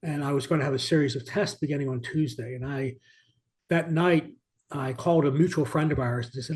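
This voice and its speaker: A man's voice: on the high side, brisk, a little mellow. A man who is an author, telling an earnest, reflective story as an interview guest, often restarting his sentences. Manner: earnest, many restarts, varied emphasis.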